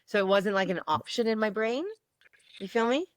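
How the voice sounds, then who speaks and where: A woman comedian from Canada spins stories in a casual podcast chat, lively and quick to laugh as she acts out what people said. Her voice sits mid-range and sounds dry and close. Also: mid-range voice, no echo. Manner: animated, laughs often, acts out quotes. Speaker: guest comedian.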